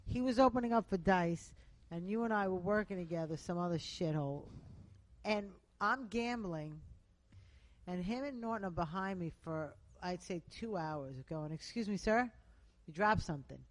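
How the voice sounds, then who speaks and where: A woman's voice: lowish voice, normal speed, low-quality recording. A woman comedian telling a story in a casual comedy podcast chat.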